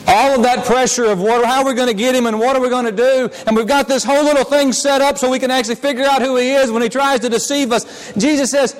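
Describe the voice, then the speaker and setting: High-voiced preacher in a reverberant church. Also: male voice, steady tone, fast talker. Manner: dramatic preaching, acts out scenes. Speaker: pastor. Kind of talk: sermon. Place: church sanctuary. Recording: long hall reverb.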